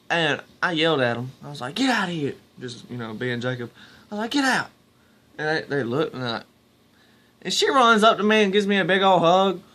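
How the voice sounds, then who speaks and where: Rambling young man, fairly high. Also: bright, forceful tone. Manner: rambling, restarts, talks to viewers as "y'all". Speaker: vlogger. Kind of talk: casual storytelling to camera.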